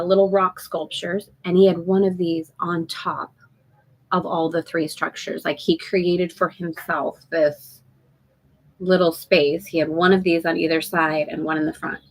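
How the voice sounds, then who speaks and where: A woman's voice: fairly low pitch, low-quality recording. A woman hosting a casual live-stream chat from a sailboat at anchor, talking effusively, laughing often and greeting viewers by name. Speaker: host of a live spiritual women's group call.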